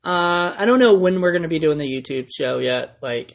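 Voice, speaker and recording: A man's voice: on the high side, expressive, normal speed, gravelly. A man hosting a podcast, chatting casually and telling a story in a rambling way with lots of fillers. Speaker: podcast host. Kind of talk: casual chat.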